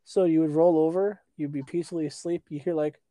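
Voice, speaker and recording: A man's voice: on the high side, quick pace, no echo. Young man telling a story with dry, close sound. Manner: animated storyteller, breaks into laughter, belts out chants. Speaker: podcast co-host. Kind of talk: casual chat.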